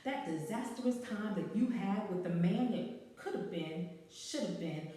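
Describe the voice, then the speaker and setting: A woman's voice: mid-range voice, lively intonation, unhurried, dark tone, heavy reverb, big-room sound, far from the mic. A woman hosting a talk show, chatting casually, laughing and repeating lines for emphasis as she reads out listener stories.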